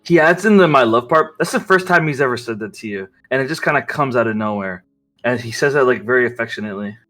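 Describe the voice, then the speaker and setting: A man's voice: medium pitch, quick pace, fairly bright tone, soft background music. A man narrating as game master of a tabletop game, rambling with many fillers.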